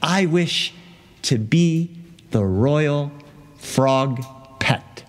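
A man's voice: fairly high pitch, animated, very slow. A man voicing a hideous male magic talking frog who bargains bluntly, with a long hall reverb behind him. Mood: insistent.

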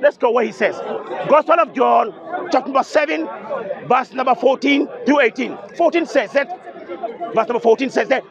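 A man debating religion at an outdoor speakers' corner, insistent and repetitive, citing verses emphatically. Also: extremely high pitch. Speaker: street debater. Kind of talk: open-air religious debate. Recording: dull outdoor recording with crowd. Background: crowd noise.

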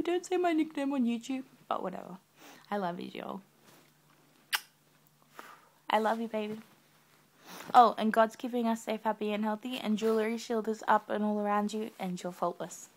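A young woman recording a sleepy video message to her partner in her bedroom at night, talking softly with her eyes closed. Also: mid-range voice. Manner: soft, drowsy and affectionate, talking with eyes closed. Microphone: webcam.

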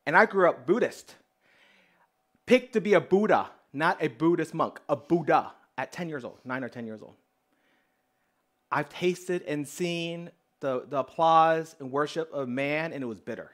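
A man preaching as a pastor, telling a personal story in an animated way and acting out the dialogue. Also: a little high, normal speed. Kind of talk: storytelling sermon.

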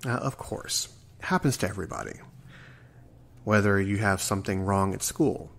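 This is a fortysomething podcast host delivering a reflective solo monologue at a normal pace. He sounds gravelly and fairly low, and his earnest, meandering delivery sometimes stumbles.

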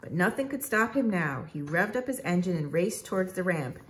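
A woman reading a children's storybook aloud in a measured, expressive way. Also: lowish voice. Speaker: narrator.

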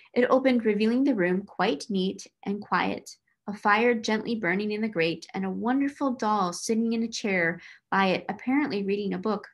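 A woman reading a children's novel aloud in an even, measured narration. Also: mid-range voice, gravelly. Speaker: reader.

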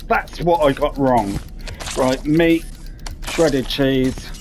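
A man's voice: fairly high pitch, slow, a little mellow. A man giving casual, sweary commentary while playing a VR game and talking to himself. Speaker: gaming commentator. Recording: clear background noise.

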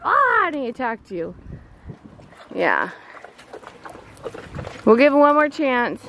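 This mother's voice is on the high side, sing-song and slow, with frequent pauses. She's vlogging next to her chicken yard, bantering playfully with her son and laughing a lot, while faint outdoor sounds carry in the background.

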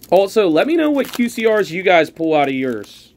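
Excitable man chatting through a pack opening. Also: sits high, moderate pace, few pauses, slight background noise. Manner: chatty, excitable, thinks aloud while sorting cards. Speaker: card collector opening packs. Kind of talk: casual pack-opening commentary.

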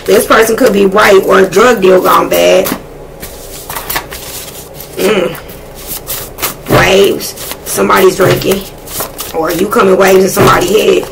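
A woman giving a casual tarot reading, blunt and excitable, swearing freely as she talks to spirit. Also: mid-range voice, gravelly, background noise. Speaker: tarot reader.

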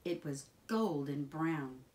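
A woman reading a children's picture book aloud in a slow, expressive, sing-song way. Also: sits low. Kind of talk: children's storybook read-aloud.

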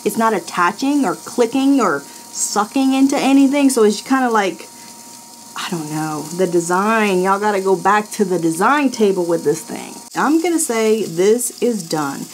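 A woman's voice: mid-range voice, animated, normal speed, slight background noise. Woman, non-native English speaker, casual review host: blunt, laughs often, swears freely, recorded at home. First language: not English. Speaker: host of a product review channel. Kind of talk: casual product review vlog. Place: indoors at home, in her office.

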